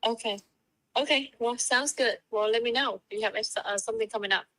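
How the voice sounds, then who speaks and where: Woman on a phone call, short matter-of-fact answers, bright sharp voice. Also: a little high, brisk, no room sound. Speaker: home builder on a phone call. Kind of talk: casual phone conversation.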